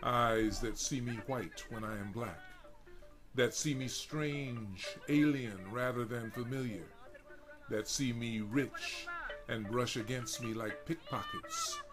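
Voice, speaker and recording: A male narrator reads his own first-person prose with unhurried, deliberate weight. His voice sits at an ordinary pitch and paints each scene vividly. Marimba music plays steadily behind him. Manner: slow, deliberate, vivid delivery.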